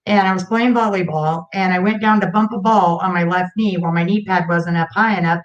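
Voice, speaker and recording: A woman's voice: on the low side, steady tone, fairly quick, muffled recording. A woman in her forties chatting as a guest, telling stories in a frank, emphatic way. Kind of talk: casual chat.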